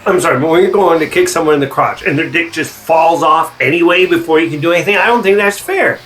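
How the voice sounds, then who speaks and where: A man telling absurd comedy stories in a bright, lively voice that sits a bit high. He stays deadpan, then suddenly erupts into shouting. Faint music sits behind him. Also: fast talker, poor audio. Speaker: comedy sketch creator.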